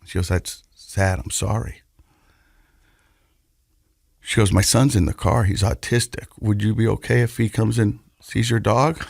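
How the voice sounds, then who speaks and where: A man's voice: lowish voice, fairly even intonation, creaky, darkish tone, no room sound. Earnest man telling a story, dry sound. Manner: earnest, halting storyteller who repeats words. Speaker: podcast co-host. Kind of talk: personal storytelling on a podcast.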